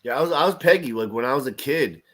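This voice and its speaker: A man co-hosting a casual fan chat show, telling stories with animated swings and frequent laughs. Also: mid-range voice, fast talker. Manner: animated storytelling, laughs often. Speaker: podcast host.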